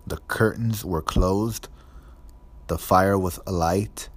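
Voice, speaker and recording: A man reading a storybook aloud in steady, measured scripted narration. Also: sits low. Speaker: audiobook narrator.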